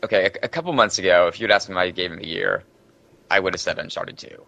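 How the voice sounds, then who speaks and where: A man's voice: deep voice, fast talker, bright, forceful tone, lo-fi sound. A man who works as a games journalist, chatting as a guest on a podcast in a rambling way. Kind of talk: casual podcast chat.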